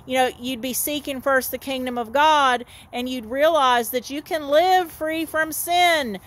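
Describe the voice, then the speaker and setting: A high-voiced woman preaches outdoors by a horse lot, taking her time over every phrase. Her sermon is homespun and repetitive, and she keeps coming back to the word "saints.". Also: a little slow, a bit bright. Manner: folksy, repetitive, keeps calling the listeners "saints". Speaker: street minister.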